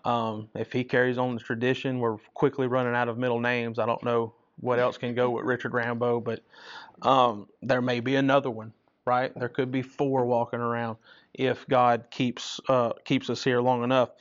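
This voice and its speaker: A man's voice: medium pitch, flat delivery, moderate pace. A man leading a Bible study in a conversational teaching style, often checking in with listeners by asking "right?" after his points. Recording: dull lo-fi recording.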